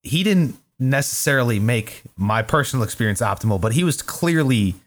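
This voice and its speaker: A man's voice: mid-range voice, expressive, normal speed. A young man co-hosting a podcast, telling stories in a laid-back, teasing way with plenty of swearing. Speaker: podcast co-host. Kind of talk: casual podcast banter.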